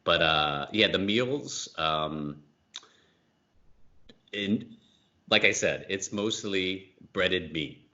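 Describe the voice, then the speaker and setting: A man's voice: sits low, lively intonation, drawn-out words, long pauses, bright, forceful tone, highs cut off. A man chatting as a guest on a podcast, rambling and self-mocking with lots of fillers. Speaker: podcast guest, film director. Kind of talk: casual chat.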